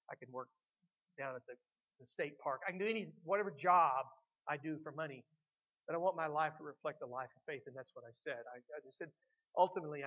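A middle-aged man preaching a sermon as pastor, swinging between loud emphatic lines and quiet reflective ones. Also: a little high, rough recording.

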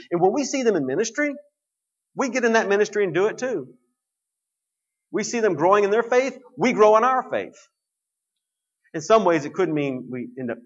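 A man's voice: a little high, breathy edge, highs cut off. A man preaching a sermon to his congregation, explaining scripture in a conversational way.

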